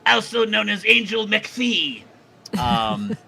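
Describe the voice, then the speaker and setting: A man's voice: high voice, big pitch swings, slow, vocal fry, pushed and bright, slight background noise. A man co-hosting a casual live-stream show, joking and often stumbling over repeated words. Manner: jokey, stammers and repeats words. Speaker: co-host.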